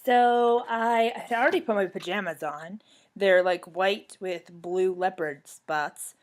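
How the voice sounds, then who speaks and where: With a mid-range voice and an unhurried pace, a young woman reads a children's book to a former student. She tells the story expressively and with energy from her couch at home.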